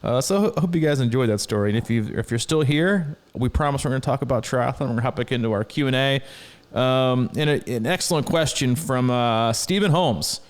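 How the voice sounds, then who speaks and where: A middle-aged man chats on a podcast in an easygoing, rambling way, laughing often and tripping over his words as he tells a story. His voice sits at an ordinary pitch for a man. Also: fairly quick. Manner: rambling, animated, laughs often, many restarts. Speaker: podcast co-host. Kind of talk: casual chat, storytelling.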